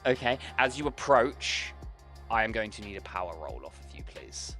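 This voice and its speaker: A man's voice: fairly low pitch, sing-song, moderate pace, bright, forceful tone, faint music behind. A man narrating and running a tabletop horror game as game master, loose and casual with swearing and filler ums.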